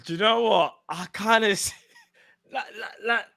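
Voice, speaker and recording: A man's voice: high-pitched, measured pace, gravelly, pushed and bright, no room sound, studio quality. A man in his thirties co-hosting a casual live stream, full of slangy banter. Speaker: co-host.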